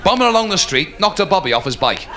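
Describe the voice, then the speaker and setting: A man doing a live stand-up comedy routine, telling stories animatedly and dropping into quick put-on voices. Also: high voice, very animated, very noisy. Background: audience laughter.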